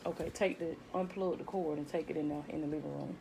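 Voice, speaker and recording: A woman hosting a live stream from home, talking in a laid-back, hushed way and greeting viewers by name. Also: sits low, steady tone, quick pace, gravelly, background noise. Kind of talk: casual spiritual live-stream talk. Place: at home, indoors.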